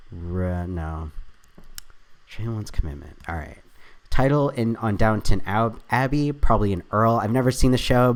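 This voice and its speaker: A man whose voice sits on the low side, darkish in tone, hosts his own video as he tackles a crossword. He reads the clues half to himself, thinking aloud with chatty jokes at his own expense.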